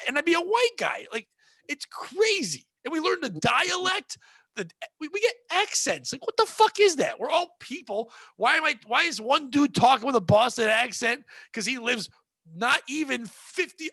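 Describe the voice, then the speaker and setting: A man's voice: very high-pitched, pushed and bright, no room sound, clean studio sound. A man hosting a comedy podcast, chatting casually and joking with big swoops up into exclaims. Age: adult. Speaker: podcast host.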